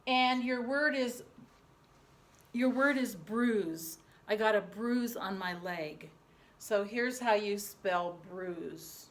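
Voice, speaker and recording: A woman teacher dictating a spelling lesson to young pupils, slowly sounding out each syllable. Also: medium pitch. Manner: slow, deliberate, sounding out syllables. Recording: echoey room.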